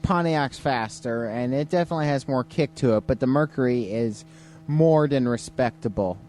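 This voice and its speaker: A man's voice: mid-range voice, moderate pace, darkish tone, soft background music. A man co-hosting a late-night live stream, chatting casually and chuckling often, sounding tired. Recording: faint hum, compressed live stream.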